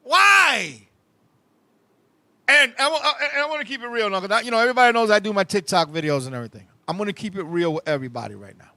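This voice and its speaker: A male host tells animated, profane stories in casual comic chat and keeps turning to his co-host. His voice is very high and cutting. He is recorded on a close, completely dry mic. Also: fast talker, no echo. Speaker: show host.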